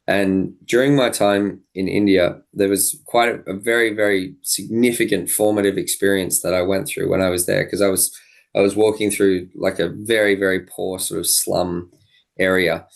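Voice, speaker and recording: Podcast guest, young man, low gravelly voice, earnest reflective storyteller. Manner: earnest, thoughtful, with frequent restarts and quoted dialogue.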